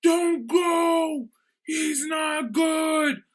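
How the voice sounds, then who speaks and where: A woman's voice: sits high, little pitch movement, quick pace, mellow, pitched above the performer's own voice, close to an everyday voice. A woman voicing a panicked young woman on acid, frantic and pleading. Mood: panicked shouting.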